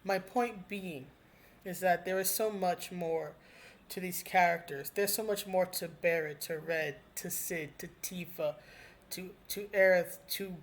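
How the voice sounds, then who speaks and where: A solo video commentator speaks with heartfelt earnestness. The delivery rambles and stumbles, with repeated words, restarts and frequent fillers, at an ordinary middle pitch. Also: a little slow. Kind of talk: casual spoken commentary.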